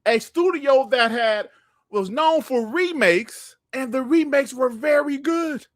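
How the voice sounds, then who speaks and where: A man hosting a gaming podcast livestream, ranting in a heated, profane and animated way. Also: extremely high pitch, slow, no room sound, clean studio sound. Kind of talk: livestream commentary rant.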